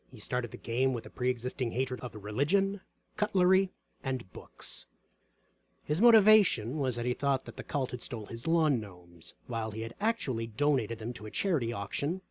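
Man reading a wry game story. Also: medium pitch.

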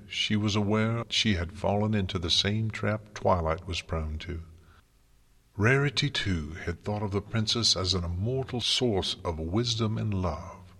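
Slow, deep-voiced male storyteller. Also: gravelly, fairly bright tone, husky. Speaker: audiobook narrator. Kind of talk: scripted fan fiction narration. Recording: long hall reverb.

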